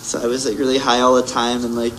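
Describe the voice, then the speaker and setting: A young man talks loosely as a guest, full of fillers and little laughs. His pitch sits in an ordinary middle range. Faint hiss runs under the recording. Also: completely flat delivery, fast, fairly bright tone, rough recording. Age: young adult. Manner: rambling, many fillers, laughs often. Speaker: musician guest. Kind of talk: casual interview chat.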